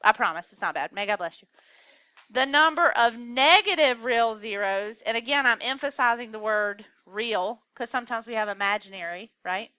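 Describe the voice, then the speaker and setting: A woman's voice: on the high side, moderate pace, pushed and bright, smooth, dry recording, dull audio. A woman teaching a math class, coaxing students along with questions in a classroom lecture.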